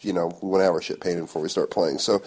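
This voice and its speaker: A man's voice: low-pitched, fairly even intonation, fast talker, a little mellow, breathy edge. A man hosting a podcast, laid-back and profane in casual chat. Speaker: podcast host.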